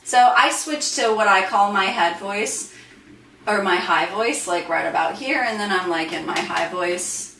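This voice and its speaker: A woman singer and voice teacher talks through her vocal range in a relaxed, thinking-aloud way, full of "like" and "sort of". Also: mid-range voice, measured pace, vocal fry, loud music behind the voice. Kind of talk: casual vocal demonstration. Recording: echoey room, distant mic, faint hiss.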